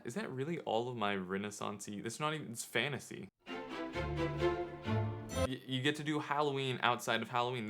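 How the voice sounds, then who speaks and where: A man vlogging, telling a self-deprecating story in an animated, casual way. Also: medium pitch. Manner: animated, self-deprecating, quick to act out scenes.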